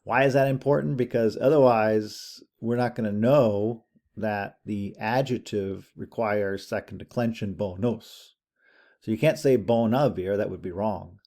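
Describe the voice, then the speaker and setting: A man teaching an introductory Latin class in a relaxed, conversational lecture, thinking aloud as he goes. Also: on the low side, unhurried. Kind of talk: recorded lecture over screen share.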